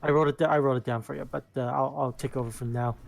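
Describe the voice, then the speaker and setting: A man's voice: mid-range voice, steady tone, quick pace, gravelly, no echo. A man playing a tabletop game, wry and self-deprecating, thinking aloud with many hesitations. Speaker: player. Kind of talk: casual tabletop play.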